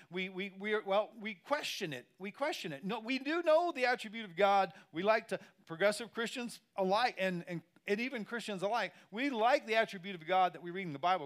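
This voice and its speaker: A man preaches a sermon in a fairly high voice. He talks to his congregation in a conversational way, leaning hard on key words and repeating them for emphasis. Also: a bit bright. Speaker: pastor.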